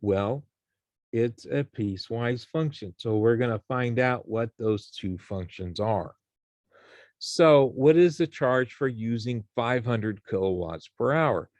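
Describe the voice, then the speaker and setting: A man's voice: medium pitch, takes it slowly, darkish tone, no room sound. A man teaching a college algebra class, explaining each step and checking in with his students. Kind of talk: classroom math lecture.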